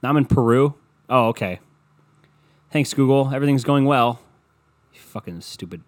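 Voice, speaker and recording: A man's voice: medium pitch, moderate pace. A man hosting a casual solo podcast, rambling and swearing sarcastically while browsing online maps at his desk. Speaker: podcast host. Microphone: computer mic at desk, browsing online maps.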